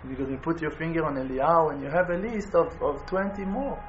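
A man delivers a fervent appeal in a high voice, pleading and repeating himself. He surges into loud urging, then drops to soft, near-tearful tones. The recording is dull and lo-fi, with faint noise underneath. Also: fairly quick. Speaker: community speaker making an appeal. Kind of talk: impassioned appeal.

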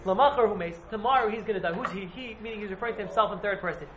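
In an echoey room, a man leads a casual Talmud class for a few students, rambling, repeating himself and hedging often as he explains. His high voice is fairly bright and very fast, and a little hiss or hum is audible.

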